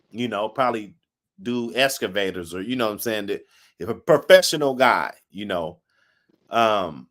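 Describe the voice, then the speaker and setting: A man's voice: medium pitch, fairly bright tone. A man hosting a live stream, telling stories in a casual, slangy way, laughing often and cursing freely. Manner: acts out quoted people in a raised voice. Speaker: host.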